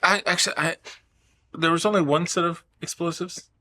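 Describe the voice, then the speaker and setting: Male player, unsure and halting, fairly high bright voice. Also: steady tone. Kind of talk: casual tabletop play.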